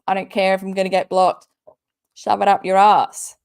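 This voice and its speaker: This commentary channel host is a woman with a mid-range, gravelly, slightly mellow voice at a normal speed. On her live stream she reads tweets aloud and rants back at them with angry, sweary sarcasm.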